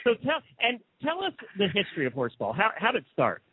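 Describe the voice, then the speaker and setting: A man's voice: high voice, wildly swooping pitch, quick pace, husky, no echo. A man hosting a casual radio interview, chatty and enthusiastic as he tells stories. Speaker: show host. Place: Lexington area, United States. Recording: dry, phone-like narrow sound.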